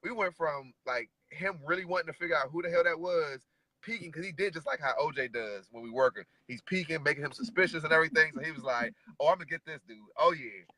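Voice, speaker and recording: Bright-voiced laid-back male dog trainer. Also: on the high side, fast talker, poor audio. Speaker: guest dog trainer and decoy. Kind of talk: casual conversation.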